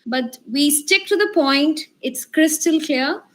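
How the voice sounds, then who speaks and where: High-voiced upbeat woman trainer. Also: slow pace. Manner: encouraging, lively, asks the group questions. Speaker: communication skills trainer. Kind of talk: online workshop lecture. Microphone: video call.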